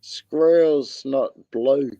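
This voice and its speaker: Australian bloke streamer, drawling and gravelly, crude laid-back banter, dry close sound. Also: male voice, medium pitch, drawn-out words, mellow, dry recording, dull audio. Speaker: livestream host. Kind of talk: casual chat while gaming on stream.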